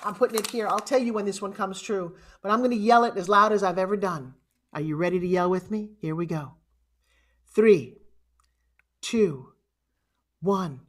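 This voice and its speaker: A woman with a mid-range voice delivers a motivational keynote at an online summit. She talks at a quick pace, stressing her words and rousing the audience.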